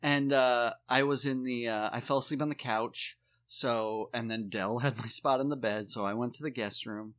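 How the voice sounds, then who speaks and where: A man chatting casually about his kids, telling stories and swearing in a relaxed way. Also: medium pitch, moderate pace. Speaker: podcast co-host, father. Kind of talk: casual chat.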